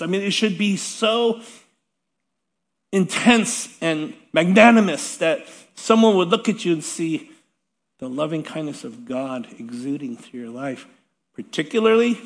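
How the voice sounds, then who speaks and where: A middle-aged male pastor preaching a sermon in a chatty, self-deprecating way with light laughs. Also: fairly high pitch. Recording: long hall reverb.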